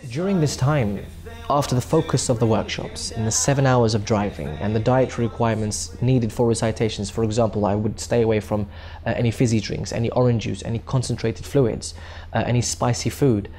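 Earnest man with a mellow voice. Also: medium pitch, steady tone, brisk. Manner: repeats words, restarts often, earnest. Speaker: Quran reciter recounting a tour. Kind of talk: documentary interview narration.

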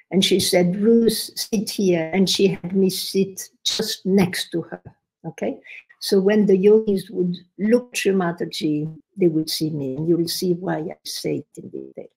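Older woman, gravelly low voice. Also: rough recording. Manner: animated storyteller, quotes others with rising emphasis. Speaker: podcast guest. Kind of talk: storytelling in conversation.

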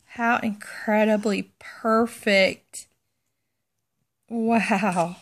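A woman talks through a casual unboxing vlog, gushing and excitable, slipping into baby talk with her pets. Her voice sits a touch high, and she speaks slowly and without hurry. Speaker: vlogger.

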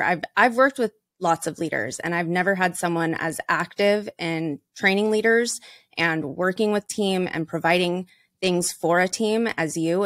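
A woman's voice: mid-range voice, fairly bright tone, dry recording, clean studio sound. A woman hosting a podcast interview, speaking in an effusive, grateful way to her guest. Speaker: podcast host. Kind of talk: interview chat.

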